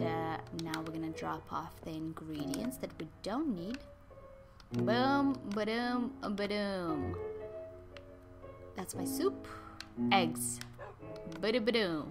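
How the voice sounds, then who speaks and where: A woman hosting a casual game commentary, chatting to the animals and sometimes breaking into squeals or whispers. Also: mid-range voice. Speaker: gaming channel host. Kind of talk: casual let's-play commentary.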